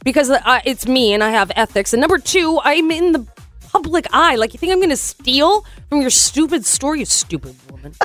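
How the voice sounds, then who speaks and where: A woman co-hosting a morning radio show, telling a story in an animated, chatty way and acting out the voices. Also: high-pitched, normal speed, faint music behind. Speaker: radio co-host.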